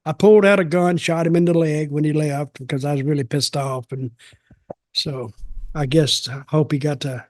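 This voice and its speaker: A man's voice: on the high side, steady tone, normal speed, a little mellow, no room sound, studio quality. An older man hosting a podcast, telling a casual story in a rambling, blunt and profane way.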